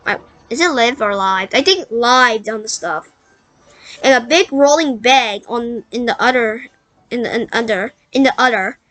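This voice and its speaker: A woman's voice: fairly high pitch, fairly bright tone, no room sound. A woman reading a storybook aloud, stumbling and correcting herself as she goes. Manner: halting, self-correcting read-aloud. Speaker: book reader.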